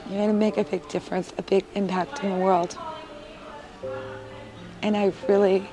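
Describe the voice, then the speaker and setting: A woman's voice: mid-range voice, little pitch movement, normal speed, over music, low-quality recording. A woman, a mother of three boys, giving an earnest, emotional interview testimonial with frequent filler words.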